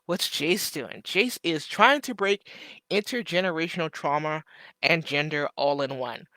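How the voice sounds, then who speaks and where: Slow, bright-voiced man chatting on a live stream. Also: a little high, no room sound, clean studio sound. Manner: chatty, joking asides to viewers. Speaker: live stream host reading chat. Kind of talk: casual live stream chat.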